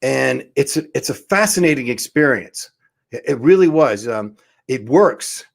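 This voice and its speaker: A man's voice: medium pitch, animated, unhurried, vocal fry. A man hosting a talk show, telling a story in a loose, rambling way with many restarts and fillers. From Southern California. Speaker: show host. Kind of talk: casual talk show monologue.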